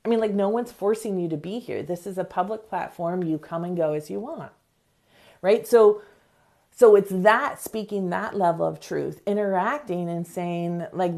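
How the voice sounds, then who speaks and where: Low, gravelly-voiced woman coaching. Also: a little mellow. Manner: earnest, acts out quick examples in voices. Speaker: podcast host. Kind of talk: motivational self-help talk.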